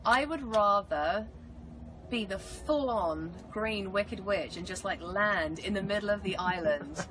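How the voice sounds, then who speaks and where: A woman with an English accent, an actress answering fan questions in a casual, animated live chat. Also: medium pitch, unhurried. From England. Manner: bubbly, animated storytelling. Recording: noisy live stream audio.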